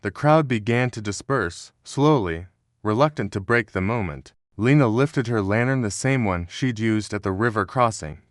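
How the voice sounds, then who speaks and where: A man giving a scripted narration of a historical story in a steady, measured way. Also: on the low side, no room sound, studio quality. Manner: steady, measured storytelling with quoted dialogue read in the same voice.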